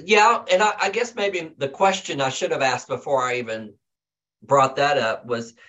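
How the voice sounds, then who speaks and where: A man's voice: medium pitch, moderate pace, a bit bright, muffled recording. A man taking part in a group Bible study, earnest and thoughtful, with hesitant starts before his questions. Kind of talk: asking questions in a group discussion.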